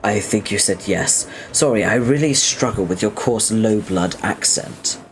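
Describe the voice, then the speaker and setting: A man's voice: fairly low pitch, unhurried, slight background noise. Man reading as a prim, wordy troll inventor. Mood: stiffly polite. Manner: formal, verbose, stiffly polite. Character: prim, long-winded young male troll inventor.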